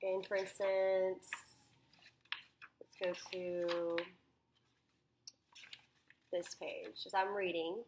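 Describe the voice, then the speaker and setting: A woman's voice: lowish voice, level tone, drawn-out words, long pauses, noisy background. A young woman talking through a phonics lesson plan as a student teacher, thinking aloud with many ums and restarts.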